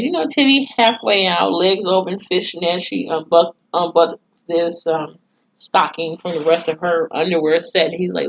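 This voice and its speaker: A woman's voice: on the low side, moderate pace, vocal fry, fairly bright tone. A woman recapping a TV episode in a blunt, profane, casual way. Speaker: TV episode reviewer. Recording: dull lo-fi recording.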